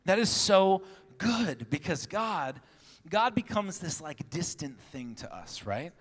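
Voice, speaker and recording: Young male pastor, slightly high voice, lively storytelling sermon, laughing and voicing the people in his stories, long hall reverb. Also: slow. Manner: animated storytelling, acting out dialogue, laughing often.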